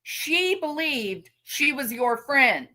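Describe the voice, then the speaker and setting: A woman's voice: sits high, very animated, takes it slowly, sharp tone. A woman hosting a commentary stream, talking outraged and sarcastic and speaking straight to the person she criticizes. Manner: outraged, sarcastic, addresses her subject directly. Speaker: commentary channel host. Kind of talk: indignant commentary monologue.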